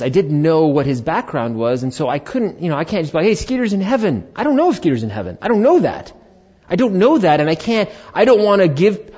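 A man's voice: fairly high pitch, breathy edge. A middle-aged man, a pastor, telling a personal story in a sermon in a conversational way and acting out the dialogue. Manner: animated, conversational, acts out dialogue. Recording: dull lo-fi recording.

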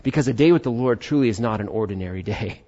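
A man preaching a sermon as pastor, earnest and animated, rising to emphasis on key points. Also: lowish voice, quick pace. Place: church service. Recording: muffled lo-fi sound.

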